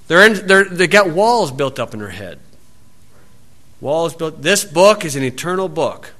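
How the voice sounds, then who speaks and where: A male preacher delivers a sermon in a bright, somewhat high voice. He tells homespun stories and acts out the people in them. He shouts the scripture quotes loudly. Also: sing-song, measured pace.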